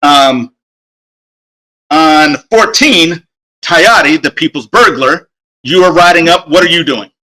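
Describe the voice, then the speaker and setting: A man runs a tabletop game as game master, his voice bright and a little high for a man. He narrates the scene in a halting way, full of fillers and restarts.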